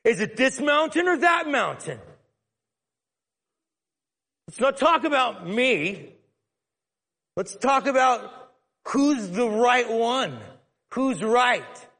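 A man voicing a flustered, chatty woman who dodges an awkward truth with rapid exclamations. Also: sits high, sing-song, gravelly, bright, forceful tone, slightly rough, pitched above the performer's own voice, heavily acted. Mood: evasive. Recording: long hall reverb.

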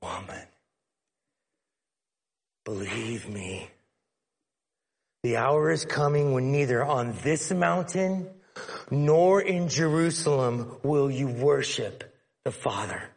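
Man doing a hushed, deep Jesus. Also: animated, gravelly, heavily acted. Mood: solemn. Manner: slow, soft, measured. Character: Jesus, calm, knowing, gently firm man. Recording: long hall reverb.

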